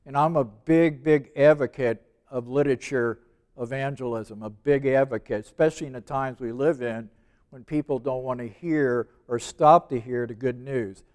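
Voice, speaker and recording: A man in his seventies preaching a sermon, stressing and repeating key words and slowing down when he reads verses aloud. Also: medium pitch, a little mellow. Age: 70s. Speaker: preacher teaching evangelism.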